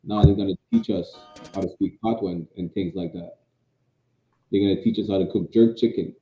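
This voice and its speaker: A man's voice: sits low, steady tone, a little fast, warm tone. A man co-hosting a podcast in argumentative casual chat, often stammering into restarts, heard over a tinny line. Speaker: podcast co-host. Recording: tinny phone-like line, roomy echo.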